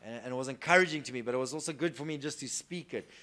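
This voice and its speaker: A man preaching a sermon earnestly, moving between soft hushed lines and loud emphatic declarations. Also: medium pitch, racing.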